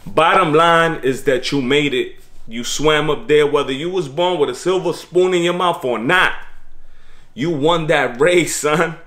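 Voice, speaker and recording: Preachy streetwise man, slightly high voice. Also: measured pace, a bit bright. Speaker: vlogger giving life advice. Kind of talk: casual motivational monologue.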